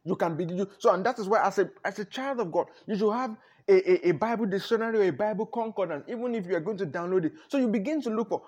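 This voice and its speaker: A man preaching with a high, husky voice. He is emphatic, piles up repeated "no, no"s and chuckles between points. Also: fast talker, darkish tone. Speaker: pastor. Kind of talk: sermon.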